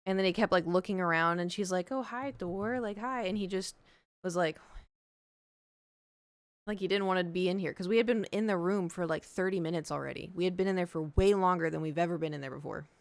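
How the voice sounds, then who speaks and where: A woman's voice: on the low side, steady tone, fairly quick, no echo. A woman streamer telling a story in casual chat, rambling with lots of fillers.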